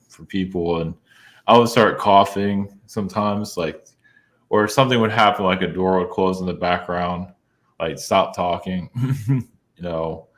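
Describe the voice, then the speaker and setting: A man being interviewed as a guest, speaking in a halting, casual way with many fillers and small laughs. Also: sits low. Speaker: guest, channeler.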